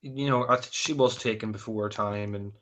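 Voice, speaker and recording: A man talks through a film in a loose, rambling way, full of ums and restarts. His voice sits fairly low but has a bright, forward edge. It sounds like easygoing chat between friends. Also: fairly even intonation, fairly quick. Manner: rambling, many fillers and restarts. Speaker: film review co-host. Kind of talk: casual chat.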